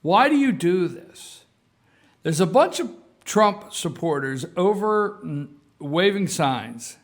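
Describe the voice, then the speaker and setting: A talk show host with a high-sitting voice speaks slowly, delivering casual political commentary. He's animated, addresses folks directly, and repeats himself for emphasis.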